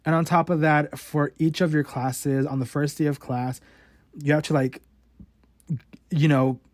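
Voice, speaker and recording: A man's voice: medium pitch, a little mellow, no room sound, clean studio sound. A young man hosting a podcast, talking casually about himself with a stutter that repeats sounds and restarts words. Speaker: podcast host. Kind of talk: casual personal monologue.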